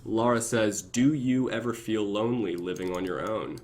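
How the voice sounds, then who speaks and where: A young man chatting casually on his own live stream, reading viewer comments and often breaking into laughter and goofy high voices. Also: normal speed, darkish tone, a little hiss or hum. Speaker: YouTube reactor.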